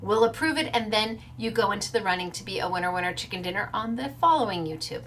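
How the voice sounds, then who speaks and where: A woman's voice: mid-range voice, expressive, fast, fairly bright tone, slight background noise. A woman hosting a craft show in casual chat, bubbly and playful as she announces giveaway winners. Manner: bubbly, playful, stumbles over names with laughs.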